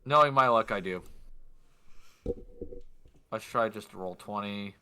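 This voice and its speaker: Bright-toned, casual man game master. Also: lowish voice, measured pace, clean tone. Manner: casual, rambling, muttering to himself. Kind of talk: narrating a tabletop game.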